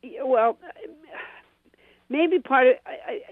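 A woman's voice: high-pitched, slow, no room sound. A middle-aged woman comedian telling rambling, self-deprecating stories in a radio interview. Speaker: comedian and quiz show panelist. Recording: tinny phone line.

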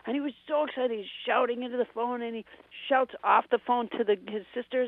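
A woman's voice: on the high side, animated, fairly quick, creaky, no room sound. A middle-aged woman comedian telling rambling, self-deprecating stories in a radio interview. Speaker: comedian and quiz show panelist. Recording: tinny phone line.

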